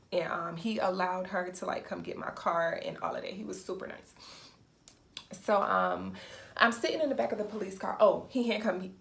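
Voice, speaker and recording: A woman's voice: mid-range voice, vocal fry. A young woman vlogger telling a casual storytime, acting out quotes and laughing often.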